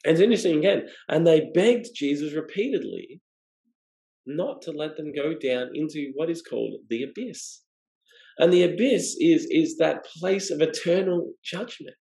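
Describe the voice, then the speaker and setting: A man's voice: on the high side, expressive, normal speed, vocal fry, dark tone, roomy sound, rough recording. A man preaching a sermon, explaining scripture and asking rhetorical questions. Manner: expository, asks rhetorical questions.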